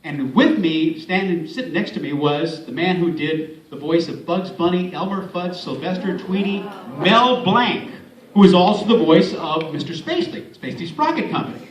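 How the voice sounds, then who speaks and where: A high-pitched man from San Antonio tells stories at an event, with playful asides to the kids in the crowd. He is recorded from a distance in a roomy hall with faint ambience. His talk moves easily between memories and encouragement. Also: expressive, moderate pace. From San Antonio, Texas. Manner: warm storytelling with playful asides. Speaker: speaker, former radio host and voice actor. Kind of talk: motivational speech.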